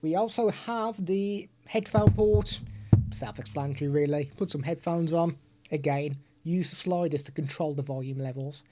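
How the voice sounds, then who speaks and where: A man's voice: a little high, normal speed, dark tone, slight background noise. Chatty man reviewing gear. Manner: chatty, hands-on explaining. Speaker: tech reviewer. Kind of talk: product demo vlog. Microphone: desktop USB/XLR microphone.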